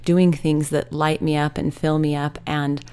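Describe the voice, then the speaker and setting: A woman's voice: sits low, flat delivery, unhurried, darkish tone, smooth. A middle-aged woman, a hypnotherapist, telling a personal story in an earnest, heartfelt, reflective way.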